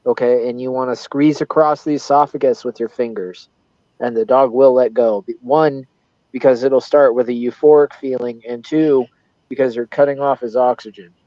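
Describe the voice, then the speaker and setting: A man's voice: mid-range voice, steady tone, normal speed, warm tone, no echo. A man in casual podcast chat, giving blunt, emphatic advice. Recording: dull, dry lo-fi sound.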